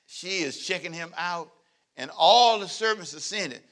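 A male pastor with a high, expressive, fairly bright voice preaches at a moderate pace. Playful and joking, he calls out to the congregation and acts out scenes as he goes.

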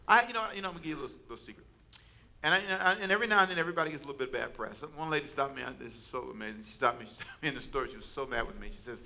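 A man's voice: medium pitch, fast talker, creaky, bright, forceful tone. A man preaching a sermon as pastor, conversational and humorous, calling out to his congregation for responses.

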